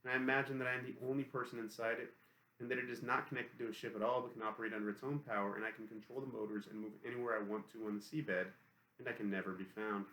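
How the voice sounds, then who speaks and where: A man's voice: fairly low pitch, flat delivery, very fast, sharp tone. A man reading a first-person novel aloud as an audiobook in a matter-of-fact, literal manner. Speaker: audiobook reader. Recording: roomy echo.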